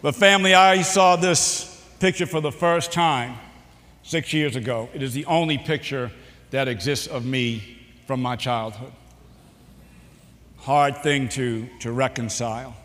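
A middle-aged man with a Boston accent giving a public speech, telling jokes and his own story with dramatic pauses and "uh" fillers. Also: mid-range voice. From New Bedford, Massachusetts. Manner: warm, joking delivery with dramatic pauses and frequent "uh" fillers. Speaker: keynote speaker. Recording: long hall reverb.

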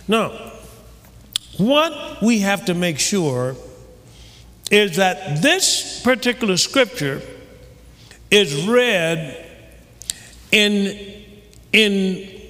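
A man's voice: sits high, very slow, pauses often. Preaching man in a reverberant hall. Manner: animated preaching, rising to shouts; many restarts and fillers. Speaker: pastor. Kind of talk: sermon.

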